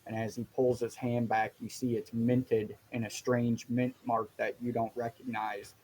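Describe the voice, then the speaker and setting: A man narrating as dungeon master of a tabletop game, in a slow, even way. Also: mid-range voice, a little hiss or hum, low-quality recording.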